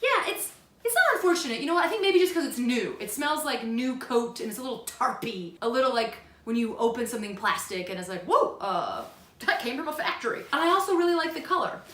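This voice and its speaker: Midwestern woman in her thirties, chatty home vlogger, a bit high, roomy sound. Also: animated, fast talker, fairly bright tone, a little hiss or hum. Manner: chatty, self-deprecating, bursts into silly high voices. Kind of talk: casual monthly favorites vlog. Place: home room. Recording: echoey room.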